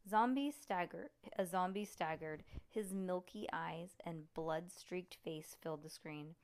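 A woman reading a storybook aloud to a child in a lively, expressive way. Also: lowish voice, measured pace, hardly any pauses.

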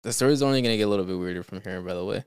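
Speaking very fast in a smooth, lowish voice, a podcast host from California rambles casually with lots of fillers and frequent laughter. He then moves on to reading stories aloud.

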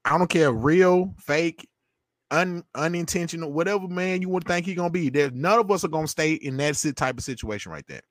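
A man's voice: a little high, a little fast, no echo. A man, a podcast guest talking in an emphatic, preachy way and often repeating himself. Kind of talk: opinionated casual talk.

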